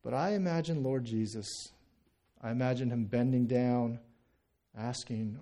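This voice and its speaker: A man's voice: medium pitch, measured pace, warm tone. A man in his thirties, a pastor from the United States, preaching a sermon in a conversational way, often repeating words and checking in with "right?".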